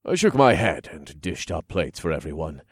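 A man narrating a first-person fantasy audiobook in a calm, even storytelling manner, close to a studio mic. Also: extremely low pitch, moderate pace, husky, no echo.

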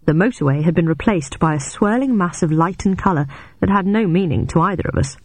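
A woman narrating a novel in the first person, in a measured storytelling way. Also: dry recording. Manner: measured storytelling, raises pitch sharply for shouted dialogue. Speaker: audiobook narrator.

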